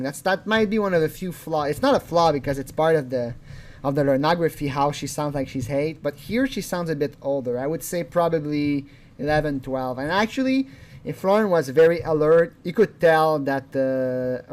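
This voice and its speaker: A man's voice: on the high side, normal speed, a little mellow. A man hosting a casual video commentary, rambling along with chuckles and restarts. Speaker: channel host.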